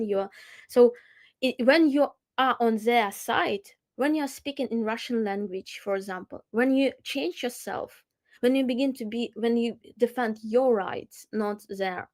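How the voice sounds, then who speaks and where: A Ukrainian musician speaking English as a second language in a casual discussion, often searching for words and restarting. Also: female voice, on the high side, darkish tone. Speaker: musician and guest.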